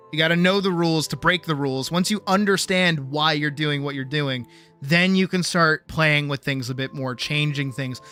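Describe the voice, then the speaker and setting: A man's voice: a little high, bright, forceful tone, clear, resonant tone. A man streaming art who lectures viewers in a blunt, teasing way, with profanity and playful bravado. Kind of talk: casual live-stream art lesson.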